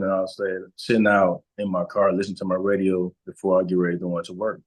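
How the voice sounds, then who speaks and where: A man, a guest on an interview podcast, speaks slowly and haltingly, with many fillers and restarts as he tells a personal story. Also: low-pitched, level tone, rough recording. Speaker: guest, relationship and trauma coach.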